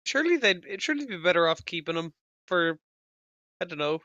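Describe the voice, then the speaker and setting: A man's voice: sits high, sing-song, fairly quick, sharp tone, no echo, dull audio. A man chatting casually on a podcast film commentary, laughing and questioning. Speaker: podcast co-host.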